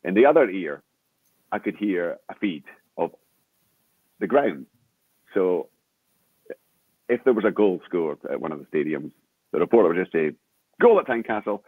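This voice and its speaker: An older Scottish man, a veteran sports broadcaster, telling lively anecdotes in an interview with lots of restarts. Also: sits low, moderate pace, pauses often, breathy edge, no echo. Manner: animated storyteller with frequent laughter and restarts. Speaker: guest, veteran radio sports presenter. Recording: tinny phone-like remote call.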